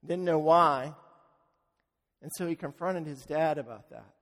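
A man preaching a sermon as pastor, telling a story earnestly and slowing down for emphasis. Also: fairly high pitch, fairly bright tone. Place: church sanctuary. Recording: long church-hall reverb.

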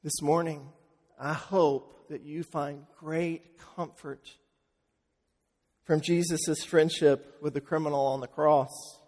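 Slow-preaching man in an echoing church. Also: on the high side. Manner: slow, with hushed drops and swells to loud emphasis. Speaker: pastor. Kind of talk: sermon. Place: church sanctuary. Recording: long reverb of a large hall.

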